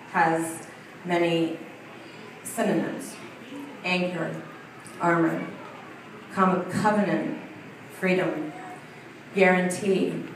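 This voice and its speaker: A woman's voice: on the low side, slight background noise. A woman telling a funny spiritual story, laughing often as she speaks. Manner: animated storytelling with frequent laughter. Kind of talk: humorous spiritual talk. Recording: echoey room heard from a distance.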